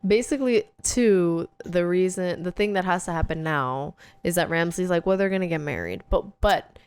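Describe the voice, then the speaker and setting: A woman's voice: on the low side, normal speed, darkish tone, clear, resonant tone. A young woman co-hosting a podcast, recapping a film in casual chat and acting out the characters' lines. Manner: retells scenes with put-on quotes, laughs often. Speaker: podcast co-host.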